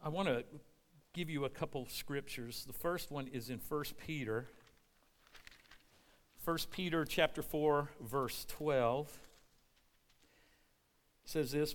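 A man's voice: a little high, slow, long pauses. A man preaching a sermon, retelling scripture stories and acting out their voices, often restarting with repeated words. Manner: storytelling, acts out quoted voices.

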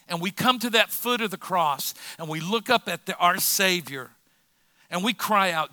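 A man's voice: high voice, lively intonation, moderate pace, bright, forceful tone, no room sound, studio quality. A middle-aged man preaching a sermon as pastor, impassioned and repeating phrases for emphasis.

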